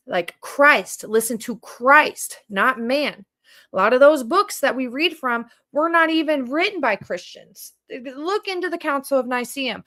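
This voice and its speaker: A woman's voice: a little high, a bit bright. A woman hosting a livestream, speaking in a fervent, preachy monologue and firing pointed questions at her viewers. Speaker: livestream host and community food organizer.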